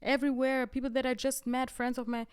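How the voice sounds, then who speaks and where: A woman in her twenties hosting a podcast, telling a story in a chatty, animated and self-mocking way. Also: sits high, fairly quick, smooth. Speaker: podcast host. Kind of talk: casual storytelling monologue.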